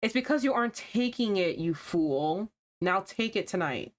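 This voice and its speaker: A woman reading the lines of a calm, caring young man from a visual novel in a matter-of-fact way. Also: high voice, normal speed.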